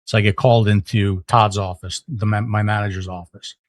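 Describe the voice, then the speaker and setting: Lively storytelling man with a low voice. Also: a little fast, hardly any pauses, no room sound. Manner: animated storyteller, many fillers and restarts. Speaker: podcast guest. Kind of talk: conversational storytelling.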